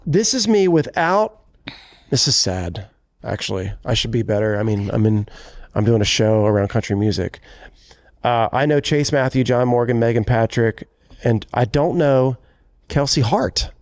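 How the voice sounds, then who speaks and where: This man co-hosts a podcast and is also a country singer, chatting casually, rambling and correcting himself as he goes. His mid-range voice has lively intonation and moves at a normal speed. The studio-quality recording has no room sound.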